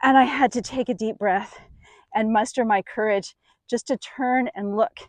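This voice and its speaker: A middle-aged woman tells a personal story with lively, expressive energy. Her voice sits a little high. The sound is dry and close, with no room around it. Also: normal speed, dry recording. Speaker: speaker. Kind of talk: storytelling talk.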